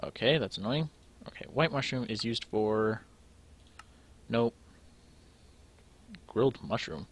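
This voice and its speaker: A man's voice: medium pitch, animated, slow, pauses often. A young man thinking aloud to himself as he plays through a game, in casual commentary. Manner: thinking aloud, musing to himself while sorting items. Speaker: let's play gamer.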